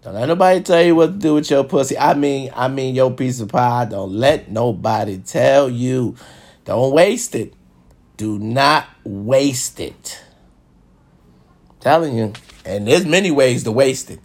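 A man hosting an hour-long live show, delivering a brash, profane, swaggering monologue that repeats phrases and swings between loud and hushed. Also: medium pitch, unhurried. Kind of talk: casual boastful monologue.

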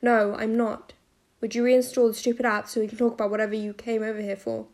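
A woman reading the part of a quiet, tense teenage boy in an audiobook, speaking low and tight. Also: level tone, quick pace, close to an everyday voice. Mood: tense, restrained.

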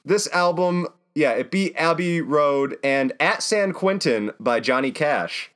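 A man co-hosting a casual podcast, talking in a relaxed way with lots of "uh" fillers. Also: a little high, unhurried. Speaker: podcast co-host. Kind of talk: casual chat.

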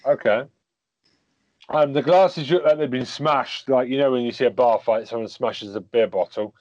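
A man's voice: mid-range voice, moderate pace, darkish tone, no room sound. A man co-hosting a podcast in casual chat, hesitant and full of ums. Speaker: podcast co-host. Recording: dull dry lo-fi mic.

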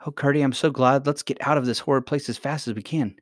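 A man's voice: mid-range voice, fairly even intonation, fast talker, no echo, clean studio sound, voice pushed up, natural voice. A man voicing a brave, determined young princess girl with an eager tone in a storybook reading. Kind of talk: audiobook character voice.

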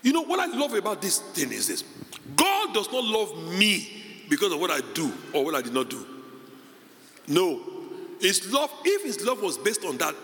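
A male pastor preaching a sermon, moving between quiet conversational asides and loud, high, shouted emphasis. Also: moderate pace. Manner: animated preaching, swinging from low asides to high shouted peaks. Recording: reverberant hall with faint ambience.

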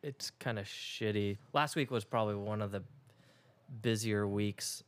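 A man's voice: fairly low pitch, measured pace, a bit bright. A young man co-hosting a podcast, rambling casually about work with lots of "like" and "uh". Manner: rambling, lots of fillers, laughs often. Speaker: podcast co-host. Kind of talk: casual chat.

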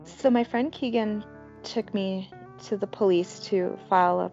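A woman's voice: medium pitch, unhurried. A woman from North America candidly telling a personal story in a casual way, full of filler words and the odd swear. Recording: muffled audio with soft guitar music.

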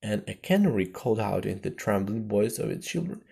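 A man reading a classic storybook aloud at an unhurried pace. His voice is dark and husky with a gravelly edge. His intonation rises and falls in a lively way. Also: on the low side. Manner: slow, expressive reading. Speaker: audiobook narrator.

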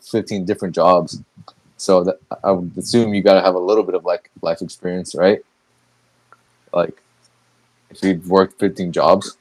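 Deep-voiced and recorded with no echo, a young man hosts a podcast of casual chat. He rambles with restarts and laughs frequently.

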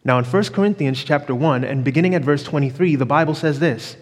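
A man with a fairly high voice preaches a sermon and tells a story from the pulpit. He stretches key phrases slowly and checks in with the congregation. His voice rings with long reverb in a church hall. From New York. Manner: call-and-response preaching, drawn-out emphatic phrases. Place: church sanctuary.

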